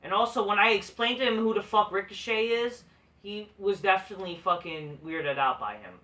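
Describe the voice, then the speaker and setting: A man's voice: high-pitched, fairly quick, sharp tone, distant mic. A man hosting a wrestling review vlog, ranting with heavy profanity and frequent restarts. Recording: echoey room, voice off-mic.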